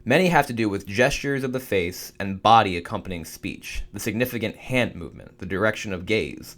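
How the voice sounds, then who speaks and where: A man's voice: on the low side, a bit bright. A young man reading study notes aloud for a writing course, stumbling now and then and restarting. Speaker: student making a study guide.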